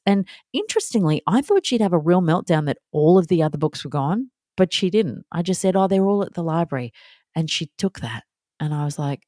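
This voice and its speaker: A woman's voice: low voice, expressive, brisk, dark tone, dry recording, studio quality. A woman in her thirties hosting a candid solo podcast, chatty and self-deprecating, acting out little scenes in her talk. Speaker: podcast host.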